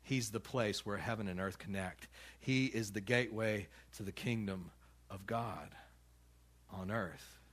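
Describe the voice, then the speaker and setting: An American pastor with a lowish voice preaches unhurriedly in a church. He talks casually, restarting often and laughing lightly.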